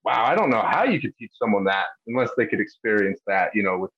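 A man's voice: on the low side, animated, fast talker, breathy edge. A man hosting a casual interview, talking animatedly and thinking aloud with fillers. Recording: dull lo-fi audio.

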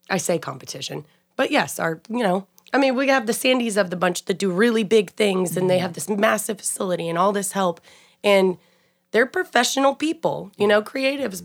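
A woman in casual podcast chat, laughing often. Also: medium pitch. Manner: laughs often, uses y'all. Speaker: guest.

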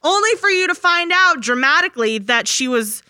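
A woman in casual, animated chat about a movie, joking and breaking into silly voices. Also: high voice, brisk, no room sound, clean studio sound.

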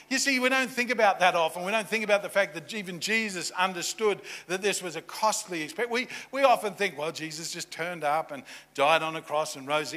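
Pastor, male, high bright voice; animated sermon delivery, dramatic drops to a hush. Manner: animated, swings from loud emphasis to hushed, intimate asides; acts out voices of people in the story.

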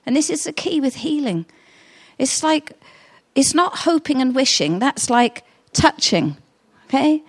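A woman's voice: high-pitched, very animated, a little slow. Earnest woman preaching in a chatty way. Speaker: pastor. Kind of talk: sermon.

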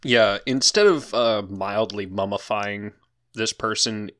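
A man's voice: fairly low pitch, slow pace, fairly bright tone, clear, resonant tone. A man runs a tabletop game as its dungeon master. He talks casually, throwing in chatty asides and laughing often as he explains the scene. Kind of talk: running a tabletop game over voice chat.

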